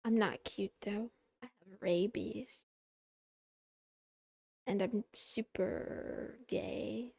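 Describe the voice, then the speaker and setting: A woman streamer chatting casually with her viewers in a soft, playful, giggly way. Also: mid-range voice, drawn-out words, gravelly, long pauses, breathy edge, no echo, clean studio sound.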